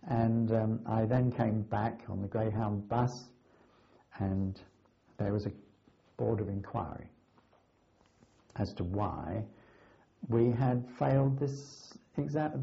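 An older Englishman with a low, gravelly voice tells his wartime memories earnestly, pausing for effect. The sound is slightly dull and lo-fi, like an old oral history recording. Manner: earnest, anecdotal, with dramatic pauses. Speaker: veteran recalling wartime flight training.

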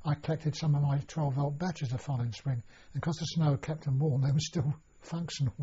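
A man's voice: fairly high pitch, steady tone, brisk, mellow, breathy edge. An older man recalling his past in an oral history interview, rambling with many restarts and fillers. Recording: dull lo-fi recording.

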